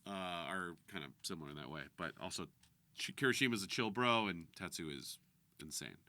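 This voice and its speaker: This man's voice is low-pitched yet bright and forceful, brisk, with no echo. As a podcast co-host, voice actor and director, he chats casually and tells stories complete with quoted voices.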